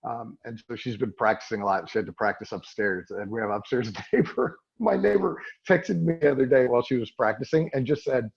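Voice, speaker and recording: Male comedian guest, raspy, laid-back, self-deprecating; muffled lo-fi audio. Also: medium pitch, fairly quick, hardly any pauses. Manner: relaxed, self-deprecating, trailing restarts. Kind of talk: casual interview chat.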